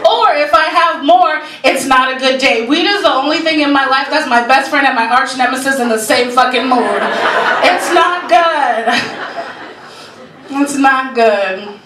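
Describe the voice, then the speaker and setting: A brash woman in her forties works a comedy club stage, swearing freely and laughing at her own punchlines. Her voice comes from some way off the mic and rings around the room. A steady hiss of noise sits under the whole live recording. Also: sits high, fairly quick, few pauses. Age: 40s. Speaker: stand-up comedian. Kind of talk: stand-up comedy set. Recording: roomy live club recording, heard from a distance, noisy.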